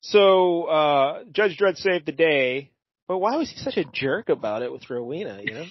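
A man's voice: on the high side, expressive, normal speed, breathy edge, dry recording, dull audio. A man co-hosting a casual podcast, recapping a comic in a rambling, hesitant way with plenty of fillers. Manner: rambling, hesitant, with brief character voices. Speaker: podcast co-host. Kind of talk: casual comic book discussion.

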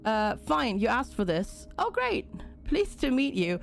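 A woman's voice: on the high side, big pitch swings, a little slow, vocal fry. A woman casually commenting on a game during a live stream, reading on-screen tutorial text aloud and chatting with and thanking viewers.

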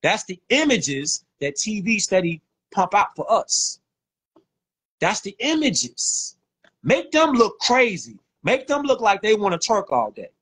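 A man hosting a livestream on his phone, talking in a slangy, animated way and repeating lines for emphasis. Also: high voice, unhurried, few pauses, breathy edge. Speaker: livestream host. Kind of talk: casual livestream rant.

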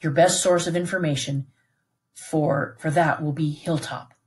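A woman reads aloud in a low-pitched, darkish voice, a little slow, with fairly even intonation. She plays a protective, steady middle-aged British plantation father who reassures his son earnestly.

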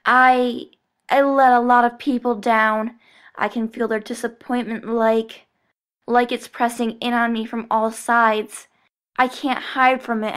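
A woman voicing a confused, anxious boy who speaks in halting fragments. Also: medium pitch, a bit bright.

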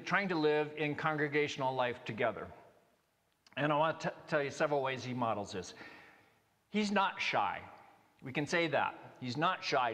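A male pastor preaching a sermon in a conversational, halting way, with many restarts and fillers. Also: fairly high pitch, a bit bright. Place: church sanctuary. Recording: long reverb of a church hall.

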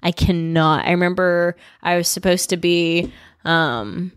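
A woman's voice: fairly low pitch, measured pace, clear, resonant tone, no echo, studio quality. A young woman from California, a guest actor and comedian, chatting casually and rambling with lots of filler words. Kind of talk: casual interview chat.

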